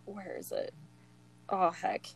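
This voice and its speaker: Young woman, unhurried but excitable book-chat co-host, laughs a lot, leans on "like". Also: fairly low pitch, vocal fry, slightly rough, poor audio. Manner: gushing, laughs often, many "like" fillers. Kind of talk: casual chat.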